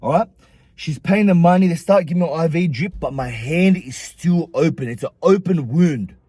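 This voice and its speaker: A young man vlogger telling a story in an animated, profane, slangy way. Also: fairly high pitch, normal speed, breathy edge, no echo. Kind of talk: storytime vlog.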